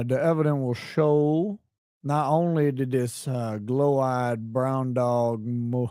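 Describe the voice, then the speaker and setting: Guy doing a south carolina courtroom lawyer, folksy drawl, speechifying to the jury, slightly high voice, dry sound. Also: a little mellow, clear, resonant tone, dry recording.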